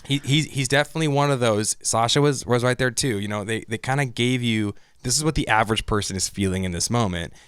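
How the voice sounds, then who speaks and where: A man's voice: medium pitch, fast talker, few pauses, clean tone, dry recording. Guy on an anime podcast goofing around, doing bits of character lines, dry close mic. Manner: joking, animated, acts out character lines. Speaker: podcast co-host. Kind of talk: casual anime recap chat.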